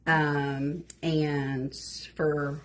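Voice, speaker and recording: Southern woman crafting, low voice, noisy hum. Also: flat delivery, drawn-out words. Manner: chatty, folksy, says y'all a lot. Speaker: craft show host. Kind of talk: casual live-stream craft chat.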